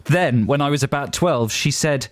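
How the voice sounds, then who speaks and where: A man's voice: fairly high pitch, normal speed, no echo. A man co-hosting a radio show, reading emails with wry, chuckling asides. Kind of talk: comic banter reading listener emails. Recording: dry radio studio.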